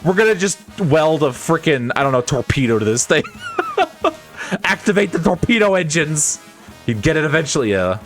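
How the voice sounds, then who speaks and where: A man's voice: on the high side, very animated, moderate pace, faint music behind. A man streaming a game, reading its dialogue aloud and joking with his chat between lines in a playful, chuckling way.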